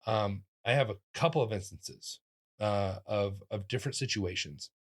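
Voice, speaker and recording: A male comedian tells stories in a relaxed interview, his fairly low voice leaping upward whenever he acts out someone he's quoting. He talks in quick restarts and fillers with lively energy. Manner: animated, acts out quoted voices with big pitch jumps. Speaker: comedian guest. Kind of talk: casual interview storytelling.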